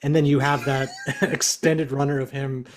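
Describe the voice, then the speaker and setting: A man's voice: mid-range voice, flat delivery, moderate pace, slight background noise. A man on a movie podcast, enthusiastically describing favorite scenes, laughing and swearing casually. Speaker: podcast co-host.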